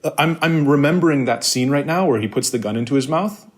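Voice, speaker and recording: A man's voice: a little high, fast talker. A man co-hosting a film podcast, talking in a loose, filler-heavy way with casual swearing. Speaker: podcast co-host.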